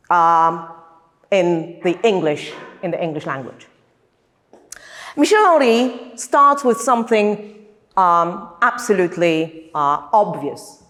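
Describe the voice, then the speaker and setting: Slow, animated Polish-accented woman lecturing. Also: medium pitch. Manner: thoughtful, searching for words, frequent restarts. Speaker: professor lecturing at a seminar. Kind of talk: academic lecture. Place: theater seminar room. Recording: long hall reverb.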